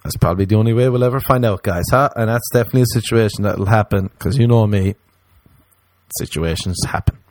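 A man's voice: on the low side, fast, a little mellow, no room sound. A man hosting a comedy podcast, rambling through a silly monologue and slipping into playful voices.

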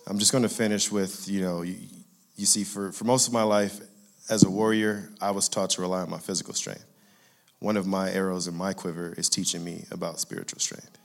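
A man in his thirties from California, his voice sitting a bit low as he tells a personal faith story. He speaks in an earnest, conversational way and laughs now and then at his own jokes. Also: steady tone, fairly quick, gravelly, a little hiss or hum. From Inglewood, California. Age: 30s. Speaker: father sharing a faith testimony.

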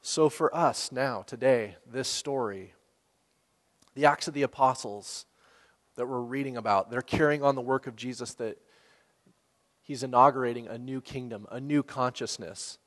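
A man preaching a sermon in a relaxed, conversational way, asking the listeners questions and laughing now and then. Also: medium pitch, normal speed. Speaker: pastor. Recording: long hall reverb.

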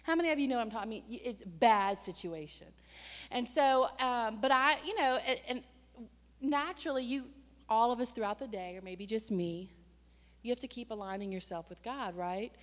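A woman preaching a sermon and telling a personal story in a lively, conversational way, with sudden surges in pitch and loudness. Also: brisk. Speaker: church staff member and preacher. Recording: long hall reverb.

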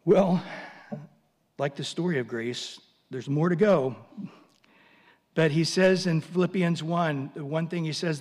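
High-voiced preacher in a reverberant hall. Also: male voice, unhurried, pauses often. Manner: animated storytelling, dramatic pitch swings, humorous asides. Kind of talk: sermon.

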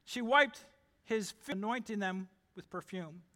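A man preaches to his congregation, pressing each point with emphatic declarations. His voice sits very high and rings bright and forceful. The sound carries a long reverb from the sanctuary. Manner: emphatic, rapid-fire declarations. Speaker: pastor. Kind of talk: sermon. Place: church sanctuary.

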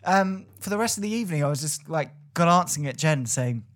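A man's voice: fairly high pitch, expressive, fairly quick, a bit bright. A young man, co-hosting a casual podcast and telling anecdotes with dry, teasing humour. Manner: wry storyteller, dry teasing. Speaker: podcast co-host. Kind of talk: casual chat.

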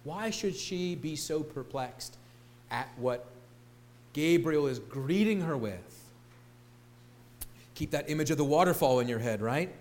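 Male pastor, sermon delivery, somewhat high voice, emphatic and animated. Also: unhurried, long pauses. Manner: animated, emphatic, repeats words for stress.

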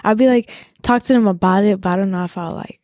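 A teenage girl in a youth group discussion, soft-spoken and unsure, with fillers. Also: medium pitch, quick pace, dry recording. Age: teens.

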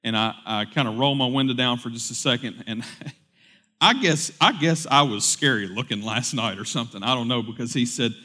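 A man pastor delivering a sermon, moving from loud, urgent preaching to quiet, conversational storytelling. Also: medium pitch, lively intonation, normal speed. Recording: long hall reverb.

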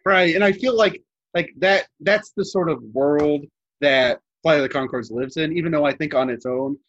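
A young man with a somewhat high voice talks loosely on a podcast. He rambles, circles back and stacks up fillers as he thinks aloud. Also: normal speed, fairly bright tone, muffled recording. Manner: rambling, many fillers and restarts. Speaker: podcast co-host. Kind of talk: casual chat.

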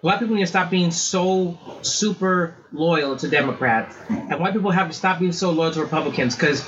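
A man co-hosting a podcast, giving opinions on politics and schools in a halting way with many restarts. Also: a little high, a bit bright. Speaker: podcast co-host. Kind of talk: casual podcast chat. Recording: dull lo-fi sound with faint background noise.

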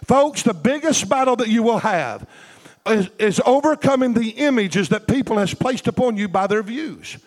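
A man's voice: very high voice, animated, moderate pace, in a large hall. A man preaching a fervent, rhythmic sermon, calling out to his congregation for replies. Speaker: pastor.

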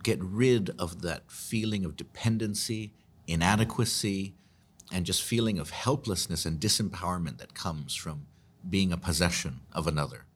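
A man's voice: deep voice, normal speed, breathy edge. A man, hosting and answering listener questions in an earnest, chatty way. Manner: earnest, explanatory, chatty with restarts. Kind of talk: casual commentary.

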